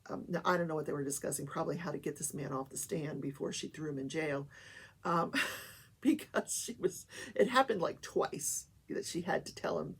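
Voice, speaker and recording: A woman's voice: low-pitched, moderate pace, creaky, slightly rough. An older woman hosting a talk show, chatting casually through a trial recap with many fillers.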